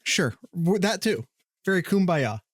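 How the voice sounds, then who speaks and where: A man's voice: sits high, sing-song, unhurried, no room sound, clean studio sound. A man co-hosting a casual sports podcast, joking and teasing his partner while citing betting statistics. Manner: joking, teasing, stat-heavy. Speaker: podcast co-host. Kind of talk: casual sports picks chat.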